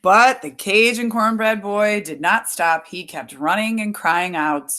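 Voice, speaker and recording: Slow-reading woman telling a story. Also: mid-range voice, pushed and bright. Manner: adds explanatory asides for listeners. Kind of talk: reading a picture book aloud.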